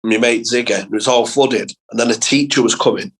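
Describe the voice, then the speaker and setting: A man's voice: medium pitch, a little fast, rough recording. Sweary young man telling school stories. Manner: sweary, animated anecdotes with laughs. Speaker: comedian guest. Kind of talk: casual storytelling chat.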